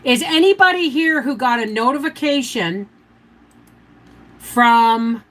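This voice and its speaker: A woman's voice: high-pitched, slow, fairly bright tone, rough recording. An older woman hosting a casual homestead livestream, rambling and chatty as she walks viewers through canning steps. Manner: rambling, chatty, giving step-by-step canning instructions. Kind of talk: casual live-stream chat.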